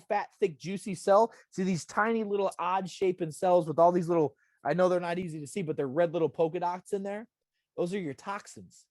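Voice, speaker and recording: A middle-aged man gives a live wellness talk over a video call, pressing each point home and checking in with "okay?" again and again. His voice sits a bit high for a man. The sound is close and dry, with no room around it. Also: a little mellow, no room sound. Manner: emphatic, repetitive, direct address with frequent "okay?". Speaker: wellness presenter. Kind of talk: live online health talk.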